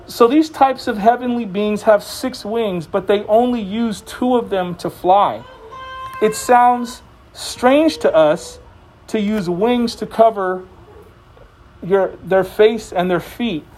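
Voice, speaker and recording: A man with a notably high voice preaches a sermon. He talks to the congregation in a relaxed, conversational way and slips jokes in between the scripture. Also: slow pace. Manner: conversational and joking.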